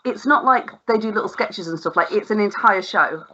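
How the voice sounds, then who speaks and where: Bright, chatty, swearing woman podcaster. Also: medium pitch, fairly quick, lo-fi sound. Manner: rambling and sweary, laughs often. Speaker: podcast co-host. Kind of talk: casual chat.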